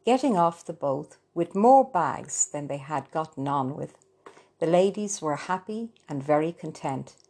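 A woman reading a story aloud, slow and gentle, with small slips. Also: low voice, expressive. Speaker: narrator. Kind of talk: storytelling narration.

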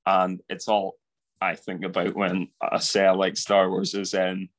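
A man with a fairly low voice chats casually on a podcast. He tells a story in a hesitant way. He restarts his sentences often. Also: monotone, unhurried. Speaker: podcast co-host.

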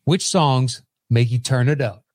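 A man's voice: medium pitch, measured pace, a little mellow, no room sound, studio quality. A man hosting a podcast in casual chat, wry and joking, who swears freely and reads out listener questions.

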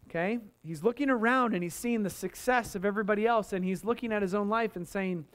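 Talking fast and barely pausing, a male pastor preaches in an animated, conversational style. He keeps prompting his listeners to say amen, and when he mimics complaints his voice rises and tightens.

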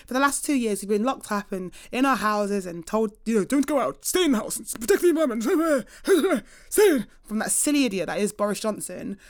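A young woman hosts a casual podcast chat, her voice sitting at an ordinary pitch. She tells stories with a lot of energy and acts out other people's lines with bursts of laughter. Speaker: podcast host.

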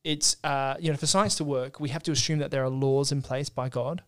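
A man's voice: mid-range voice, fairly even intonation, a little fast. A man co-hosting a podcast, earnestly explaining theology in casual discussion with frequent restarts. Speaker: podcast co-host.

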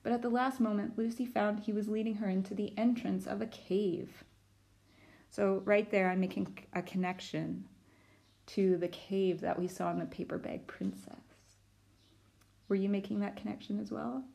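A woman teacher reads a storybook aloud to children at a middle pitch. She stops now and then for chatty asides to her young listeners. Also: little pitch movement, normal speed, vocal fry, dark tone.

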